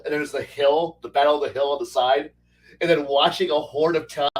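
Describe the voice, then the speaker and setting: A man co-hosting a casual stream chat, rambling excitedly and swearing a lot. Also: on the high side, distant mic, poor audio. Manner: rambling, profane, animated. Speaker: podcast co-host.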